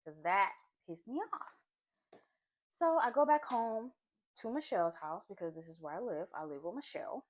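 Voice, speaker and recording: A chatty woman tells a story from her own life while she eats, in a loose, animated way. She fills her talk with asides and fillers and keeps checking in with her listener. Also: mid-range voice, moderate pace. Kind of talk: casual storytime while eating. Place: at home, eating a seafood boil.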